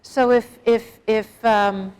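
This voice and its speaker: Taking her time, a middle-aged woman with a highish, steady, slightly mellow and smooth voice gives a casual talk on suicide prevention to a live group. As a guest speaker she stays plain-spoken and frank, regularly turning questions to the audience.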